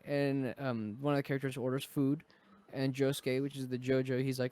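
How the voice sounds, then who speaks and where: A man chatting casually on a podcast, retelling stories with lively acted-out quotes. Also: mid-range voice, a little fast, no room sound. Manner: animated storyteller, acts out quotes. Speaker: podcast cast member. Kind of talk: casual chat.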